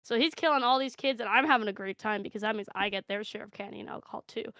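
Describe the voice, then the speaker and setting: A woman improvising a comedic story in a rambling, deadpan, gleefully profane way. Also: mid-range voice, fast, dry recording.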